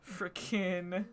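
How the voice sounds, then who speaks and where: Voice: medium pitch, fairly bright tone, slight background noise. A tabletop game player talking casually and hesitantly, with many fillers.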